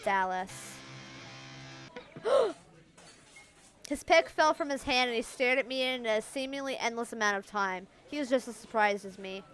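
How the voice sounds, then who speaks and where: A young woman with a high voice reading out a visual novel's story as she plays. She's dramatic, leaning into the lines, and often breaks off into excited comments. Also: moderate pace, long pauses, faint music behind. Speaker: game streamer.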